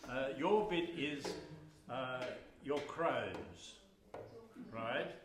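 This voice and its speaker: A man's voice: medium pitch, very animated, very slow, noisy background. A man with an Australian accent telling rambling stories between folk songs and singing them at a live concert, with many ums and uhs. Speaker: folk singer and bandleader. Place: music hall. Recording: echoey hall with loud accordion music.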